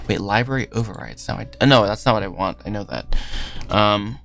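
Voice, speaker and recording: A young male livestream host talks a little fast in a lowish, a bit bright voice with vocal fry, faint lofi music playing behind. He speaks loosely while working, rambling, trailing off and laughing often.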